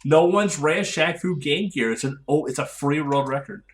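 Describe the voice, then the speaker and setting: A man's voice: a little high, normal speed. A man co-hosting a casual podcast, joking and laughing often as he talks through upcoming speedrun events. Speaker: podcast co-host. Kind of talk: casual chat.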